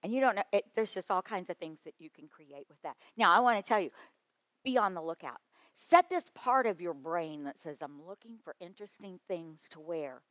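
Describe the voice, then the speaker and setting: A woman runs a conference workshop on children's ministry, lively and playful as she speaks directly to the room. Her lowish voice is bright and forceful, her pace brisk, and the recording dry and close with no echo.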